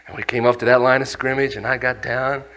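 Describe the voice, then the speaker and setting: A young man giving a motivational talk to a youth audience, telling a story with acted-out voices and shouts. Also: mid-range voice, little pitch movement, fast talker. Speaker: youth speaker.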